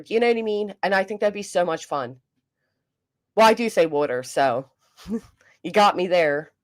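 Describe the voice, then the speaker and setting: A woman, hosting a casual livestream, reading comments and joking bluntly with swearing. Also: on the low side. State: coughing. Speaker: livestream host.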